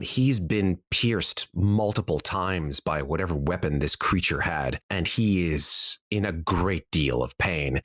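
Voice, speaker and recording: A man narrates a tabletop game as dungeon master in a measured, descriptive way. His voice sits very low and he takes his time, recorded close and dry. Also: dry recording.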